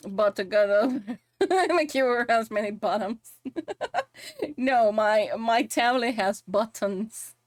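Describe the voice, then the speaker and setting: A woman with a Spanish accent talks through her live stream at an unhurried pace. Her voice sits a little high. She is giggly and swears playfully, recorded dry and close at home. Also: no echo. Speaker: VTuber streamer and model rigger. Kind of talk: casual live-stream chat while working.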